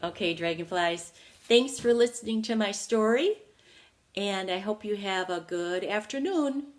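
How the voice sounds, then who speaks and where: A woman teacher reading a storybook aloud to young children, slow and playful with lots of expression. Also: mid-range voice, lively intonation. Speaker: preschool teacher.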